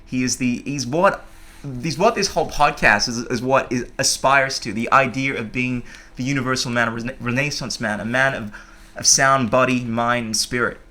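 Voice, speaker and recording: A man's voice: medium pitch, normal speed, sharp tone. A man hosting a podcast, talking in a casual, enthusiastic and emphatic way. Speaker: podcast host. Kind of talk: casual conversation.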